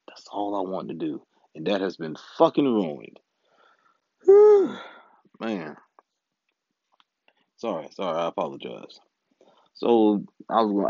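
A man's voice: medium pitch, darkish tone, no echo. A married man hosting his own podcast, ranting casually, frustrated, profane and rambling. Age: adult, married. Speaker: podcast host. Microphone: home recording setup. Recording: dull, dry lo-fi home recording.

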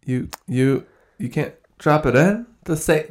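A man, co-hosting a podcast in casual chat, animated and joking with quick asides. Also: a little high. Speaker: podcast co-host.

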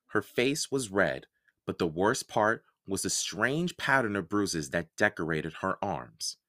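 A man reads a children's novel aloud at a slow, careful pace, his pitch rising and falling with the story. He is recorded close on the mic in a dry space with no room echo. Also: bright, forceful tone. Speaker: podcast read-aloud host.

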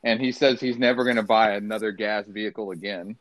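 A man co-hosting a casual talk show, talking in a relaxed way and laughing easily. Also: on the low side, fairly quick, dry recording, poor audio. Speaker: podcast co-host. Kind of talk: casual chat.

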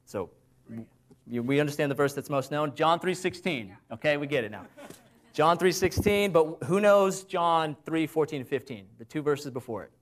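A man preaching a conversational sermon. He asks his listeners rhetorical questions and slows down when he cites Bible verses. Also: a little high.

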